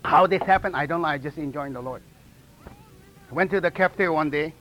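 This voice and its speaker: A man telling his testimony in a sermon, in animated storytelling style with non-native English grammar and frequent laughter at his own stories. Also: fairly high pitch, a little fast, rough recording. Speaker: preacher.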